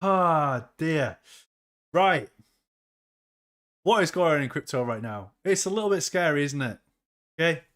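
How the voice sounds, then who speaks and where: Chatty male crypto streamer, slightly high. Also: animated, unhurried, pauses often, a bit bright. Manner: upbeat, chatty, reads chat aloud. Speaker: crypto livestream host. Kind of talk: casual livestream chat.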